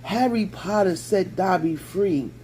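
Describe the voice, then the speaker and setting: A man voicing a small, devoted male house-elf with a shrill, squeaky voice. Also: a little slow, darkish tone, a little hiss or hum. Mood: shrill joy. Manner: shrill, fierce when protecting.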